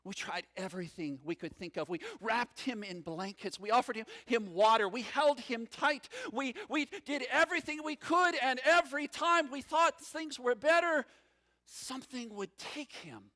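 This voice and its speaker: A man preaching a sermon as a first-person story, dramatic, swinging from loud passages to hushed, low ones. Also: expressive, normal speed. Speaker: pastor.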